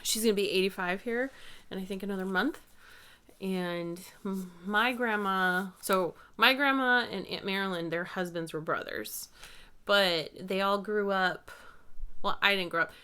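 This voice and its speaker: A woman in her thirties hosts a podcast in a relaxed, casual chat. She tells family stories in a warm-hearted, chatty way at a middle pitch. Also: unhurried, clean tone. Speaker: podcast host.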